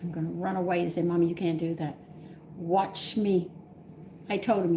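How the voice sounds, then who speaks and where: A woman's voice: on the low side, flat delivery, moderate pace, dark tone, slight background noise. An older woman hosting a home cooking live stream, chatting with viewers and telling exasperated stories from home. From Texas. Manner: chatty, exasperated storytelling with laughs. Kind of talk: casual live-stream chat.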